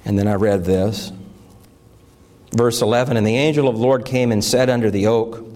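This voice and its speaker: A man's voice: fairly low pitch, steady tone, normal speed, darkish tone. A middle-aged male pastor preaching, reading scripture aloud and telling of his morning, with emotional, fervent swells.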